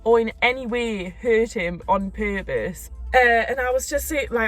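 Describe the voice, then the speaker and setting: A young woman, telling a story in a casual chat, animated and quick to laugh. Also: a little high, faint music behind. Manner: animated, laughing, acts out quotes. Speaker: co-host of a couple's channel.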